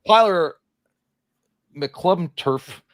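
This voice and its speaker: A man's voice: sits high, animated, drawn-out words, a bit bright, dry recording. A man co-hosting a casual livestream, reading viewer questions aloud and joking about them in a loose, profane way. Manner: jokey, profane, reads viewer messages aloud. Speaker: podcast co-host reading chat questions.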